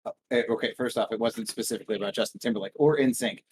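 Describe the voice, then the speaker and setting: A man's voice: medium pitch, very fast, darkish tone, slight background noise. A man co-hosting a podcast in casual crude, sarcastic banter. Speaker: podcast co-host. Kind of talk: casual chat.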